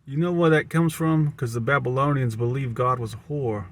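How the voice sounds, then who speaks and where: At a moderate pace and medium pitch, a man with a Southern American accent talks to camera as a vlogger. The monologue wanders in a stream-of-consciousness way, with frequent repeats and restarts of words.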